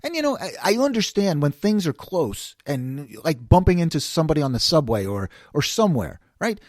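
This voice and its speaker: A man's voice: on the high side, sing-song, brisk, no echo, clean studio sound. A man in his fifties from the New York City area with a New York accent, telling stories in a casual monologue, acting out quoted voices and laughing often. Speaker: podcast host.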